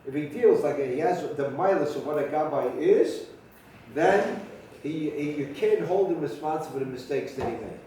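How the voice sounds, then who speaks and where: A man rabbi teaching a halacha class, talking with halting restarts and sudden emphatic rises in pitch. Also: animated, dark tone, a little hiss or hum. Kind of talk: spoken Torah lecture. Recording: very echoey room from far off.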